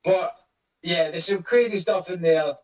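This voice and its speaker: A man's voice: high-pitched, measured pace, a little mellow, echoey room, distant mic, rough recording. A man hosting a casual online voice chat, rambling and swearing as he greets listeners by name. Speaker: crypto project lead hosting a community voice chat.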